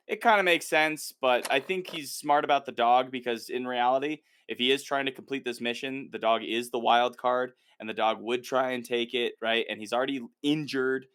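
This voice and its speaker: A male podcast host chatting casually, retelling scenes with lively, acted-out asides. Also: mid-range voice, a little hiss or hum. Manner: animated storyteller, quick to act out quotes. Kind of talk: casual chat recapping a TV episode.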